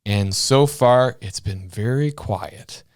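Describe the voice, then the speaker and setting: This lowish, slow-paced male voice belongs to a podcast co-host from Canada's Maritime provinces. He talks politics bluntly and with passion, throwing in crude jokes.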